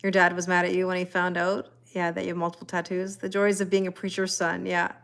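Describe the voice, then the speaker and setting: During a live tarot session, a woman reads viewer comments and rambles along, laughing frequently. She speaks fast in a fairly low, gravelly, slightly bright voice with a monotone delivery.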